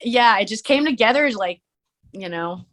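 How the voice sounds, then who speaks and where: A young adult woman, a musician and streamer, chatting casually as a podcast guest, full of "like" fillers and quick to laugh. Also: fairly high pitch, animated, a bit bright.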